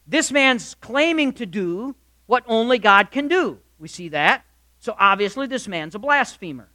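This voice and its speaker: A high-voiced man preaching with a bright, ringing tone, close and dry on the mic. He speaks straight to the congregation and throws out rhetorical questions. His delivery swings between loud, emphatic declarations and hushed asides. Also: expressive, measured pace, dry recording. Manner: addresses listeners directly, asks rhetorical questions. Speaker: pastor. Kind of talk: sermon. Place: church or hall with live congregation.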